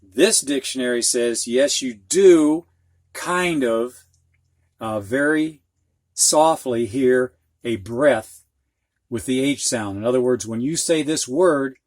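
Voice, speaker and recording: Midwestern guy teaching reading, slow and careful, dry close sound, says sounds out loud to show them. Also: mid-range voice, dry recording. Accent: American Midwest. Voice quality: frank, plainspoken, exaggerates sounds to demonstrate. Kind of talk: slow, explanatory lesson.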